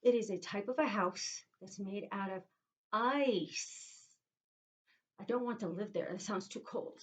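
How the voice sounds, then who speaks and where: A woman, a teacher leading young children through a phonics lesson in a sing-song, animated way, sounding out letter sounds. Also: medium pitch, unhurried. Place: inside a small tent.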